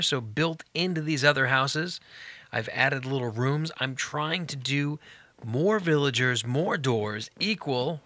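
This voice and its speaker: A man's voice: medium pitch, pushed and bright. A man hosting a Let's Play, giving upbeat, chatty gameplay commentary and talking directly to viewers.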